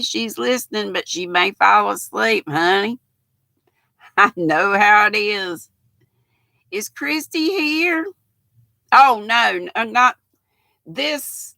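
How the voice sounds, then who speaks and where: A woman's voice: medium pitch, vocal fry, dry recording. An older woman hosting a live crafting stream, chatting folksily with viewers and calling them honey and darling. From United States. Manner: chatty, rambling, with soft laughs. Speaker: host of a live knitting and crochet stream.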